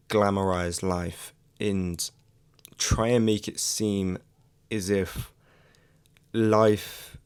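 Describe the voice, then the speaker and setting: A man's voice: low voice, a little mellow. A young man in a casual, reflective vlog monologue, speaking earnestly with frequent "like" fillers and restarts. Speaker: YouTuber.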